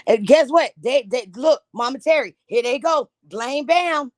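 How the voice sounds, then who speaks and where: A woman's voice: sits high, lively intonation, a little slow, hardly any pauses, a little mellow, dry recording. A woman from Jacksonville, reacting to a news clip in a blunt, heated, profane rant. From Jacksonville, Florida.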